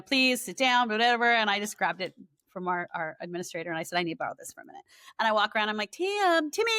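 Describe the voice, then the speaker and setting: A middle-aged woman, a guest author, telling lively stories in a casual podcast chat. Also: medium pitch, dry recording, studio quality. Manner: lively storyteller, animated quoting.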